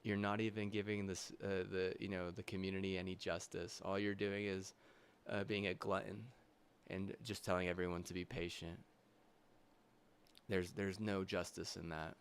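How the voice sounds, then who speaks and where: A young man streaming live, ranting angrily with constant swearing, halting restarts and loud agitated bursts. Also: low-pitched, little pitch movement, a little hiss or hum. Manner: heated, profane, swearing constantly; halting restarts, trailing fillers. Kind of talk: angry livestream rant.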